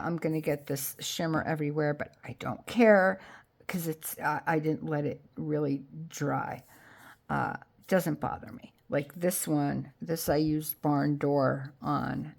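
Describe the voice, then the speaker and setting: A woman hosting a crafting vlog, chatting excitedly to viewers about her projects and apologizing with a laugh when she bumps the camera. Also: low voice, vocal fry. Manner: gushing, excitable, talks to viewers while handling crafts; self-deprecating, apologetic asides. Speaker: crafting channel host. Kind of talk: casual crafting vlog chat.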